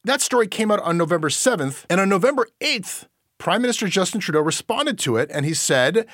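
A man hosting a news commentary show, animated and incredulous, swearing casually. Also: a little high, quick pace, no room sound, studio quality. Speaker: podcast host. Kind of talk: opinionated news commentary chat.

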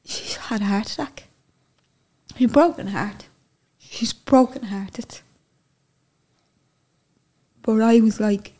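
A woman's voice: on the high side, slow, long pauses, warm tone. An Irish woman telling a personal story in an interview, candid and emotional, swearing casually as she talks.

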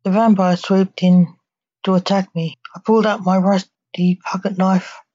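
A woman podcast host, a poet and author, reading her own rhyming spooky stories with a measured storytelling cadence. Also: medium pitch, level tone, mellow, no room sound. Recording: dull lo-fi dry recording.

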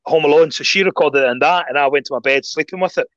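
A Scottish man with a fairly high voice tells animated stories and repeats his phrases for emphasis. He speaks as a guest in a casual chat. The sound is dry and a little muffled and lo-fi. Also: fast, no echo. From Scotland.

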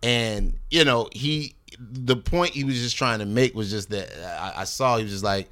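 A man from North Carolina, a guest rapper, telling animated stories in a casual interview, swearing freely and acting out what others said. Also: medium pitch, normal speed. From Greensboro, North Carolina. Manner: animated storyteller, swears freely, acts out quoted people.

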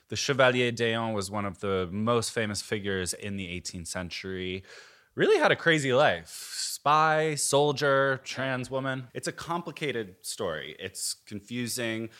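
A man co-hosting a podcast with a somewhat low voice. He tells the story with energy and expression in a casual, chatty way. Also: a bit bright. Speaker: podcast co-host.

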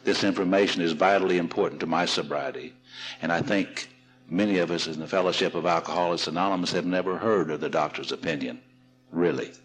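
Folksy deep-voiced man telling stories. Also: a little fast, soft background music, rough recording. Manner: folksy, self-mocking storyteller. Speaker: seminar speaker. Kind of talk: storytelling talk at a recovery seminar.

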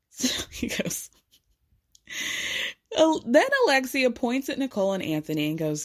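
A woman's voice: fairly high pitch, very animated, normal speed, long pauses. A young adult woman giving a casual, gossipy and sarcastic recap of a reality show episode.

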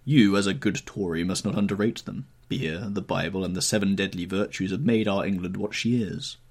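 A man voicing a languid aristocratic gentleman who drawls out witty paradoxes in an audiobook reading. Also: deep voice, fairly quick. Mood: wry.

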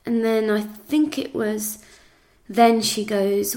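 A woman's voice: mid-range voice, fairly even intonation, takes it slowly, darkish tone. An English woman giving a first-person account of events, quoting what was said with frequent fillers. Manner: recounts events with reported speech, many fillers. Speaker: interviewee recounting events.

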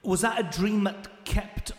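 A man hosts a relaxed interview, slightly high-voiced and playful, dropping teasing asides between questions. The room is echoey with a long reverb. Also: a little slow, soft background music. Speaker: interview host. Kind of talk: casual interview chat.

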